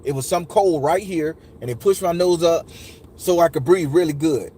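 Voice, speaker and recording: A man with a slightly high voice recounts a personal memory at a moderate pace, with a little hiss or hum in the recording. His casual, profane testimony is emotional and animated, and he acts out the quotes with strong feeling.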